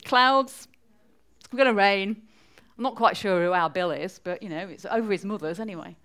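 A woman's voice: lowish voice, quick pace. A woman from northwest England with a Mancunian accent, giving a chatty church talk and quizzing the congregation. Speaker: preacher.

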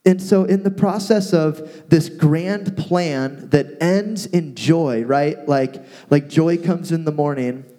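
Animated man retelling a Bible story. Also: on the high side, slow pace, hardly any pauses. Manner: animated storyteller, paraphrases with playful asides. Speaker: podcast co-host teaching from the Bible. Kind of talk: casual Bible teaching chat.

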